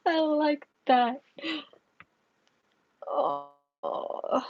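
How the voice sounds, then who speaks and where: A woman hosting a casual psychic tarot livestream at home, chatting with viewers and pausing often with fillers. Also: high-pitched, sing-song. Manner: chatty, answers viewers' chat, halting with fillers. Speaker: tarot reader and livestream host. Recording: dull lo-fi stream audio.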